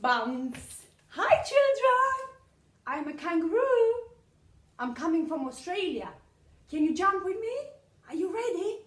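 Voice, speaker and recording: A woman's voice: extremely high pitch, big pitch swings, slow, a bit bright, full character voice. A woman playing a cheerful female kangaroo for children, chanting bounce and boing words in a chirpy way. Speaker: children's centre worker. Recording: roomy echo.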